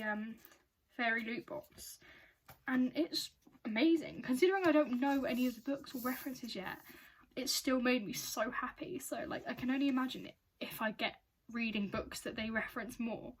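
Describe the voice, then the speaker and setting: Excitable young woman with a husky voice. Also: on the high side. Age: 20s. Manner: gushing, self-mocking, quick to squeal with excitement. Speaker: book unboxing vlogger. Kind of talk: excitable casual unboxing chat.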